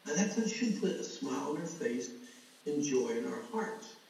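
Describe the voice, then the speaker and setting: A man's voice: medium pitch, lively intonation, moderate pace, creaky, darkish tone, slight background noise. A middle-aged man preaching a sermon, telling a personal story earnestly and calling his listeners folks. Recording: echoey hall, voice from far off.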